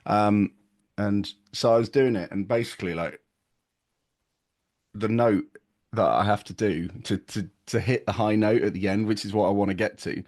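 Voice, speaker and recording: Rambling man, low voice. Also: steady tone, moderate pace, a little mellow. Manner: rambling, stop-start. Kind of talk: casual chat.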